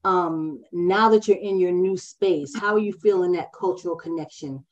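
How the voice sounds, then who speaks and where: A woman hosting a podcast interview, chatty and quick to laugh. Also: on the low side, lo-fi sound. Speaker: podcast host. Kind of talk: casual interview.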